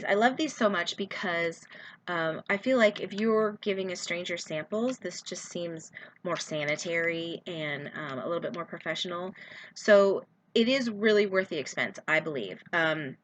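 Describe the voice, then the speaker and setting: A woman's voice: lowish voice, a bit bright, a little hiss or hum. A woman chatting casually in a how-to video, full of fillers and asides as she shows how she prepares product samples. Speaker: direct sales consultant.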